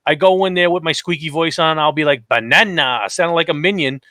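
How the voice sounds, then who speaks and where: A man's voice: a little high, quick pace, no echo. A man co-hosting a casual podcast, telling stories animatedly and acting out quotes. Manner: animated storytelling, acts out quotes. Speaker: podcast co-host.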